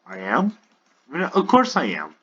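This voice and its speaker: A man's voice: fairly high pitch, huge pitch swings, normal speed, pushed and bright, husky, muffled recording, voice pushed up, full character voice. A man voicing a jumpy young male elf adventurer who stutters nervously.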